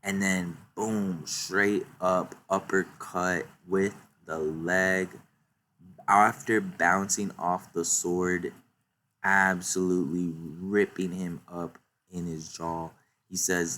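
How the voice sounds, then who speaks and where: A man casually recapping a comic chapter, retelling the action excitedly with many fillers. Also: deep voice, takes it slowly, slight background noise. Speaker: YouTuber recapping a manga chapter.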